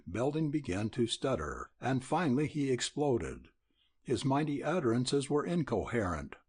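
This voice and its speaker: Husky, expressive male audiobook narrator. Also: mid-range voice. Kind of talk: scripted narration.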